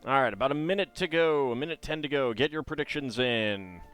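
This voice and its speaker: A man's voice: medium pitch, fairly quick, fairly bright tone, clear, resonant tone, soft background music. A man streaming live, thinking aloud in hesitant, rambling commentary.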